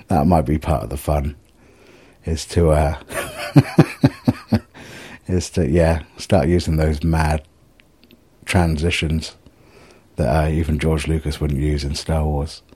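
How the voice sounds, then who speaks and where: A middle-aged man with a very deep, husky voice. He rambles through a casual video diary in a self-mocking, sweary way, and his tone is dark and mellow. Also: fairly even intonation, takes it slowly, long pauses. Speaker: vlogger.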